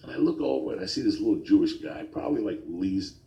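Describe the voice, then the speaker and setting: A man hosting a podcast, telling a profane story in a casual, animated way, mumbling one moment and yelling the next. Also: on the low side, quick pace, creaky, reverberant, low-quality recording. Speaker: podcast host.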